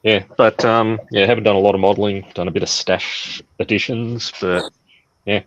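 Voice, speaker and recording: A man's voice: lowish voice, steady tone, normal speed, dry recording, muffled recording. A man joining a casual group video chat as a guest, talking in an easygoing, rambling way.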